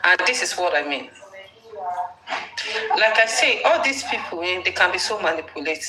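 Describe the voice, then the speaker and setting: A woman arguing in an online talk room, animated, laughing as she talks and cutting in. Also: lowish voice, moderate pace, crowd noise. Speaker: participant in an online audio room. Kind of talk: heated discussion. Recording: echoey with faint noise.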